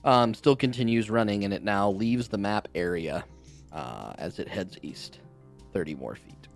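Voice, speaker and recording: Relaxed male game master. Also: on the low side, unhurried, vocal fry, soft background music. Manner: relaxed, with fillers and short acknowledgements. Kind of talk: narrating a tabletop game.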